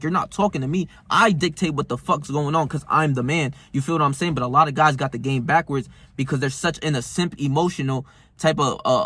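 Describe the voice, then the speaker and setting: A man's voice: fairly high pitch, fairly bright tone, husky, no room sound. A young man telling stories in a casual, heated monologue, full of slang and cursing. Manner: profane, slangy, heated storytelling. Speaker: self-improvement vlogger.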